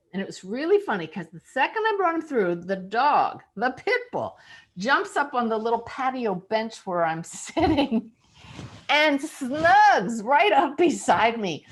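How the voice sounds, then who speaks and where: A woman working as a psychic medium, telling a story in an animated, lively way to a group of listeners. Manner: animated, lively storyteller with big pitch jumps. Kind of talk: storytelling talk.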